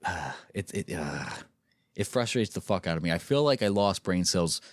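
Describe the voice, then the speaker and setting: Lowish-voiced guy hosting a podcast, blunt and fed up, dry close sound. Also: lively intonation, normal speed, no echo. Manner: blunt, exasperated ranting with profanity. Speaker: podcast host. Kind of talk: casual podcast chat.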